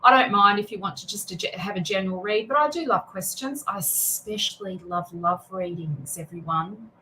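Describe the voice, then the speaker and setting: A woman's voice: mid-range voice, moderate pace, pushed and bright, slight background noise, poor audio. A woman tarot reader and spiritual mentor chatting casually on a livestream, greeting viewers by name and often restarting her sentences.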